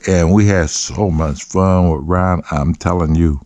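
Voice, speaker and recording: A man hosting his own show, telling profane, animated stories and acting out other people's voices. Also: deep voice, a little slow, no echo. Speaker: host. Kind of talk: casual storytelling.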